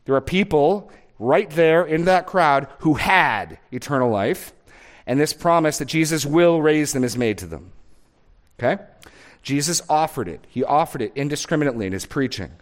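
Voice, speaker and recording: A man's voice: fairly high pitch, lively intonation, normal speed. Emphatic male pastor preaching a sermon. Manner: emphatic, stresses words while reading scripture aloud.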